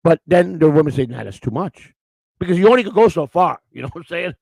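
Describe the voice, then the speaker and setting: Gravelly-voiced guy rambling on his live stream, blunt and crude, dry close mic. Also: high-pitched, expressive, racing, a little mellow, no echo, poor audio. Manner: rambling, repeats words as he restarts. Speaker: live-stream morning show host. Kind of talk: unscripted live-stream chat.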